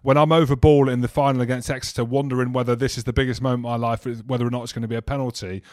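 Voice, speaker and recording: A man's voice: medium pitch, little pitch movement, racing, a little mellow, dry recording, studio quality. A young man co-hosting a rugby podcast, bantering and joking about himself. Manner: jokey, self-mocking banter. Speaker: podcast co-host. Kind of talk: casual chat.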